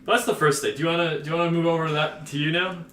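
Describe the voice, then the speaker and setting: A man with a fairly high voice chats on a podcast in a wry, relaxed way. The room around him rings with echo. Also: rapid-fire, crowd noise. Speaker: podcast co-host. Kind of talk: casual chat. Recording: roomy echo.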